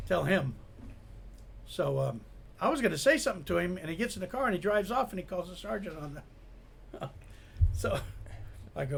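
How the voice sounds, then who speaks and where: A man's voice: high-pitched, lively intonation, moderate pace, creaky, long pauses, slight background noise. A man in his sixties, a retired police officer hosting a podcast, telling a rambling old story with chuckles in casual chat. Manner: rambling anecdotal delivery with chuckles.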